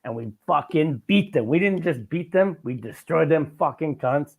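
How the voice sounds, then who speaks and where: A young man, hosting a podcast and talking excitedly about sports, swearing often. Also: a little high, moderate pace, gravelly, breathy edge. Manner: excited, swears a lot, passionate sports fan. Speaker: podcast host. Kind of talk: casual chat.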